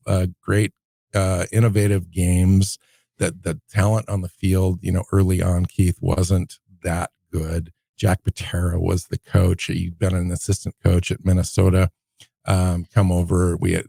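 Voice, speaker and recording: A man's voice: low voice, creaky, dark tone, breathy edge, no room sound, studio quality. A man in his fifties from the Seattle area, co-hosting a podcast and unhurriedly reminiscing in casual chat. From Seattle area, USA. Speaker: podcast co-host.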